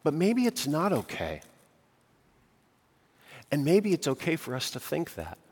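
A man preaching a sermon, dramatic, dropping to a hush and then rising to emphatic outbursts. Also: on the high side, wildly swooping pitch, a little slow, husky. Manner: dramatic, swings from hushed to emphatic. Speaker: pastor. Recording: long hall reverb.

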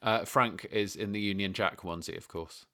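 A man with a lowish voice hosts a relaxed podcast chat. He is easygoing and sets out each task one step after another. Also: normal speed. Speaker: podcast host.

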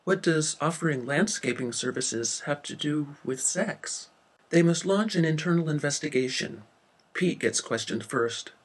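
A man narrating a story in a wry, deadpan way. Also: mid-range voice, breathy edge.

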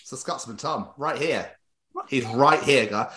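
A man's voice: mid-range voice, measured pace, a crowd in the background. A young man co-hosting a podcast, chatting casually with sweary, giggly banter. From Wales. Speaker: podcast co-host. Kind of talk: casual chat.

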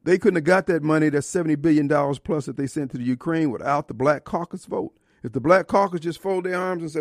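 This radio host's voice is on the high side, quick and almost without pauses, recorded dry with clean studio sound on a studio microphone. In his radio studio he delivers an impassioned, preachy, colloquial political monologue that moves into live ad reads.

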